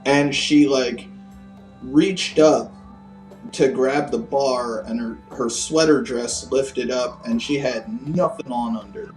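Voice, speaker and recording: A man's voice: medium pitch, takes it slowly, a little mellow. A man guest telling a long story in a casual, rambling, profane way, full of fillers. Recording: roomy, distant mic, faint music.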